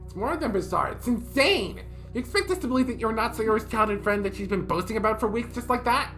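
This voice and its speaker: Brief: man playing a shrill tsundere teen girl, loud and outraged, lively swings. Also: fast talker, faint music behind. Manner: shouting, high and indignant. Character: furious tsundere teen girl, fiercely protective.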